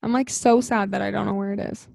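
A woman's voice: mid-range voice, steady tone, fast talker, gravelly, a little mellow, no room sound, studio quality. A young woman co-hosting a podcast, bubbly and upbeat in casual chat. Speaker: podcast co-host.

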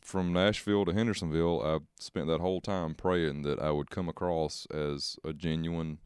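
A man as a country singer guest in a casual interview, talking in a halting, measured way with many fillers. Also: very deep voice, steady tone, darkish tone, clear, resonant tone, no echo, clean studio sound.

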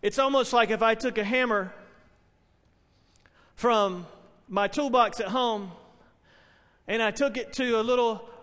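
A man's voice: very high voice, measured pace, long pauses, a bit bright, big-room sound. A man preaching a sermon, telling stories earnestly and building to emphatic proclamations. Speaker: pastor.

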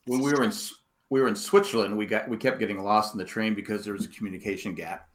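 A man's voice: fairly low pitch, fairly even intonation, quick pace. A man from California telling rambling anecdotes with many restarts in a casual chat.

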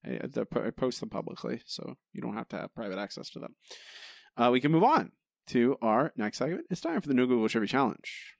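A man's voice: mid-range voice, sing-song, fast, gravelly, no echo, clean studio sound. A man co-hosting a casual podcast chat and trivia quiz, self-deprecating and stumbling into restarts. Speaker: podcast co-host.

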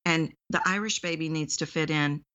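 A woman's voice: low voice, moderate pace, pushed and bright, highs cut off. A woman from Texas, a voice coach, talking earnestly as a guest in an interview. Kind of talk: podcast interview.

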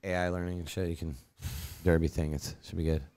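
Brief: male podcast co-host, deep-ish voice, crude humor, slight background noise. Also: little pitch movement, fairly quick, a little mellow. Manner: crude wisecracks. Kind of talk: casual chat.

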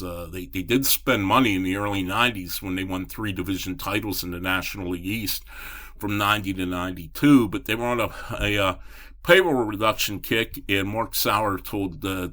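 A man's voice: deep voice, bright, forceful tone. A middle-aged man, a baseball reporter, telling long rambling anecdotes in an interview, with many restarts and fillers. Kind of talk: storytelling in a podcast interview.

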